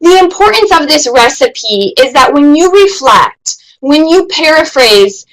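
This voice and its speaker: A woman's voice: sits high, very animated, a little slow, a bit bright, rough recording. A woman presenting an educational webinar, earnest and emphatic, stressing words by repeating them.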